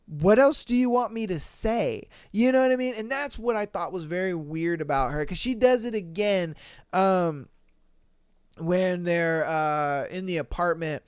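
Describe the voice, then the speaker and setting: Man for a casual commentary podcast: lively, slangy, laughs a lot, recorded dry and close. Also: high voice, unhurried, clean tone, dry recording. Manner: animated, slangy, laughs often. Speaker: podcast host. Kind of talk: casual reality-show commentary.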